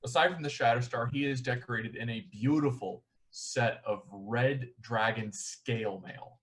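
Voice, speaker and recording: Measured male dungeon master. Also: mid-range voice, fairly bright tone. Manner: measured, descriptive. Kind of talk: narrating a tabletop game.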